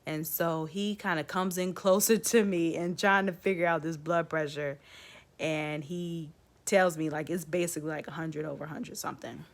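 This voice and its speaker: A woman's voice: deep voice, fairly even intonation, normal speed. A woman vlogger casually telling her own story to the camera, chatty, with lots of "like" and "um".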